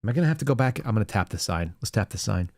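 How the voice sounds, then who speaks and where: A man's voice: fairly low pitch, expressive, very fast, a little mellow, dry recording, studio quality. A male podcast host giving wry, sarcastic commentary while reading headlines aloud. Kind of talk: live-stream commentary.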